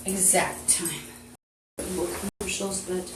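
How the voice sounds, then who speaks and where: Slow rambling woman, echoey room. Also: fairly low pitch, little pitch movement, distant mic. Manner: rambling, jumps between topics. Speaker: livestreamer. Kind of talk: rambling live stream monologue. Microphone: phone.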